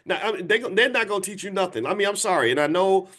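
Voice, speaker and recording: A man's voice: high-pitched, animated, quick pace, hardly any pauses, a bit bright. A man in his fifties, a financial educator, talking bluntly to viewers. He is emphatic and direct, often repeats and restarts, and asks the audience to reply. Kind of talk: blunt preachy talk to a live audience.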